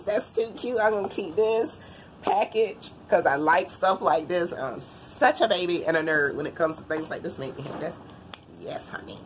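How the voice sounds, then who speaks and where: A woman's voice: fairly low pitch, slight background noise. A woman vlogger chatting casually while unboxing gifts, a bit congested and tiring easily. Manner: chatty, animated, Southern-style "y'all" talk.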